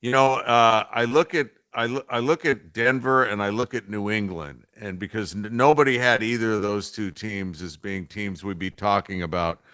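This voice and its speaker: A man's voice: fairly low pitch, normal speed, few pauses, a bit bright, clear, resonant tone, no room sound, clean studio sound. A man co-hosting a sports talk show, chatting about football in a laid-back way with wry asides. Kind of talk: casual sports debate.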